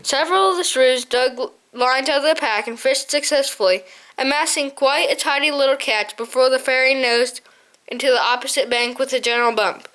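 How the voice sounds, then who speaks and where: High-voiced woman reading a storybook. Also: brisk. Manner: steady reading with small slips and self-corrections. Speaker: audiobook narrator. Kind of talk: scripted narration.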